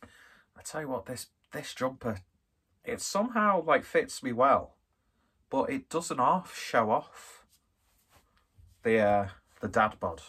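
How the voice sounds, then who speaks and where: A man's voice: mid-range voice, lively intonation, slow pace, pauses often, a bit bright, husky. A man, from northwest England, chatting through a casual beer review in a rambling, self-deprecating, jokey way. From Skelmersdale, northwest England.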